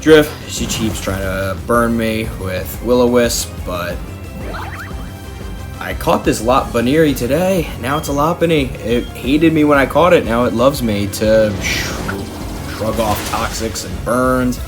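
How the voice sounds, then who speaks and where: A man's voice: medium pitch, a little slow. A man narrating his own gameplay in a chatty, rambling, self-deprecating way. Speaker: game video host. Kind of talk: gameplay commentary voice-over. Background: background music.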